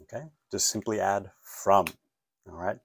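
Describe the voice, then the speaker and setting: A man with a very low voice leads an online English lesson on phone calls. He is encouraging and repeats key words, checking in with his learners often. The sound is close and dry, with no room echo. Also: fairly even intonation, unhurried, vocal fry, breathy edge. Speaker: English teacher.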